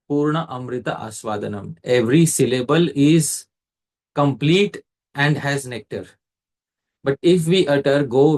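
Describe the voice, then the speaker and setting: Measured man teaching scripture. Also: medium pitch. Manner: measured and explanatory, quizzing the listener. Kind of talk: scriptural lecture.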